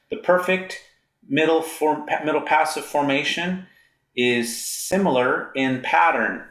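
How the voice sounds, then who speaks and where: Man lecturing in an echoey room. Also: medium pitch. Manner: slow, deliberate recitation of endings. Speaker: Greek grammar teacher. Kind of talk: recorded grammar lecture.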